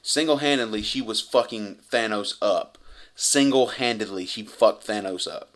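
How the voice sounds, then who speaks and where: Excited man gushing through a movie recap. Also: fairly low pitch, a little slow. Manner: profane, effusive, rambling retelling. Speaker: movie reviewer.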